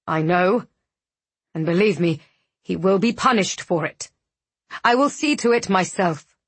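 A woman narrator voicing a calm young nobleman who speaks quietly but firmly. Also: fairly low pitch, unhurried, breathy edge, dry recording, exaggerated voice. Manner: quiet, firm, pleading. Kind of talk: audiobook character voice.

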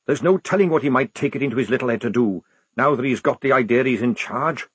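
A man voicing a gruff, burly old army sergeant who barks curt orders. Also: medium pitch, fast, dry recording, pitched above the performer's own voice, natural voice. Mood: hissing. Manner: barking, curt commands.

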